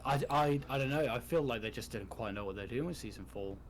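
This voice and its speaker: A man's voice: mid-range voice, quick pace, a little hiss or hum, low-quality recording. Casual, swearing man on a podcast. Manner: casual, freely swearing, frank opinions. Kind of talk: casual TV discussion chat.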